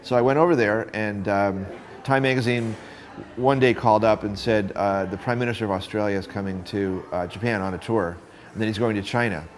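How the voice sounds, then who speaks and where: A man's voice: fairly low pitch, brisk, slight background noise. A middle-aged man, a photographer, telling stories from his career in an interview and acting out the voices of the people he met. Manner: animated storyteller acting out quoted voices. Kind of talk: storytelling interview.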